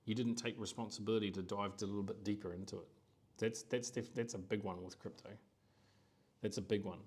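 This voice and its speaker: Middle-aged New male host, casual animated monologue, acts out others' voices. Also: fairly low pitch, fairly quick. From New Zealand. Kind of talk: live-stream monologue.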